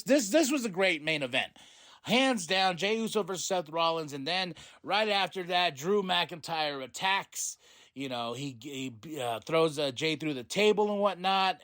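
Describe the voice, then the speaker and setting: A man hosting a podcast, recapping a wrestling show in a loose, excited way, swearing and paraphrasing what the wrestlers said. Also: on the high side, dry recording, clean studio sound. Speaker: podcast host.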